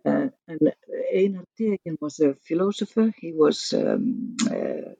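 A woman guest author explaining her research chapter in an academic interview, measured with restarts. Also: low voice, creaky, mellow, husky, dry recording, dull audio.

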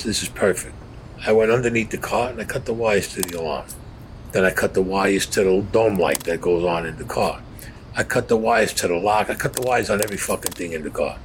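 A man's voice: fairly low pitch, fairly quick, slight background noise, poor audio. A man bluntly recounting his own past in a casual, profane storytelling style, often acting out what was said. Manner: blunt, profane, acts out quotes.

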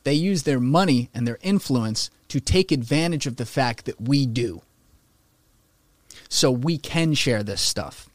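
A man in an easygoing podcast conversation, opinionated and animated, swearing now and then. His voice sits in a middle pitch. The sound is dry and close, with no room echo. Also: a little slow.

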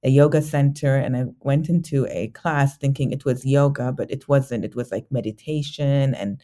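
Warm-voiced woman telling her story. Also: extremely low pitch. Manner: reflective, halting with frequent restarts and fillers. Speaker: interview guest. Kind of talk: candid personal storytelling.

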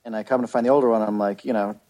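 A man's voice: lowish voice, fairly even intonation, rapid-fire, mellow. A man in his thirties on a casual podcast, telling a long story with lots of restarts and swearing. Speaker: podcast co-host. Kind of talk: casual chat.

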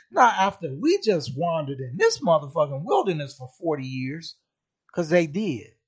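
A man's voice: on the high side, breathy edge. A man hosting a podcast, giving an impassioned monologue in blunt, profane street slang. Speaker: podcast host.

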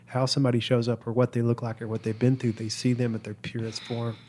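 A man in a relaxed conversation, talking in a thoughtful, earnest way, often pausing and restarting sentences. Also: medium pitch. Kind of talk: reflective casual conversation.

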